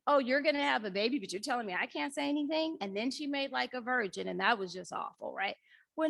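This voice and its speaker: Middle-aged woman workshop speaker, animated storyteller, dry close sound. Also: sits high, gravelly, dry recording. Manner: animated storyteller, acts out dialogue with her daughter. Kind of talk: conference workshop talk.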